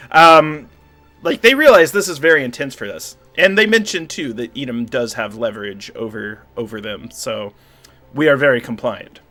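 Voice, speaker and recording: A man's voice: medium pitch, a little fast. A man narrating as game master of a tabletop spy game, voicing the other characters in a loose, joking way. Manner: animated, voices NPCs with laughter.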